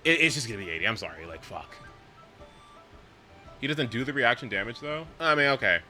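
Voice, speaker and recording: A young man live-streaming a video game in casual chat, swearing often and swinging from mumbles to shouts. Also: medium pitch, lively intonation, fast talker, soft background music.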